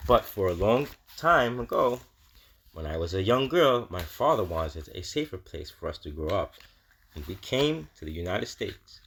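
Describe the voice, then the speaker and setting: A man reading the lines of a gentle, loving great-aunt in her eighties in a children's storybook. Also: sits low, husky, full character voice. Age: 80s.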